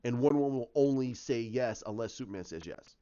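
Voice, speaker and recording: A man giving a casual fan rant, rambling and excited, with lots of restarts. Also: mid-range voice, quick pace. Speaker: commentator. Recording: dull lo-fi sound.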